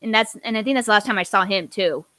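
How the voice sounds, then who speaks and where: Bright, halting woman chatting. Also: mid-range voice, dry recording. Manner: halting, many fillers and restarts. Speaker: podcast co-host. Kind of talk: casual chat.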